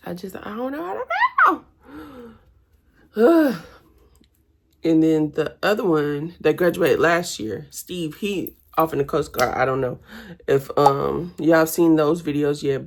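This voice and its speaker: Low voiced girl chatting thru her makeup, keeps saying y'all. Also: takes it slowly. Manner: chatty, addresses viewers as y'all. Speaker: vlogger. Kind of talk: casual chat while doing makeup. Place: home.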